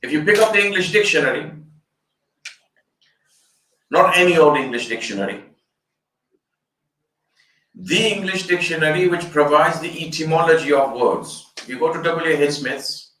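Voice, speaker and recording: A man's voice: fairly high pitch, moderate pace, pauses often, bright, forceful tone. An older man, an Islamic scholar, giving an explanatory fundraiser lecture. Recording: echoey room, distant mic.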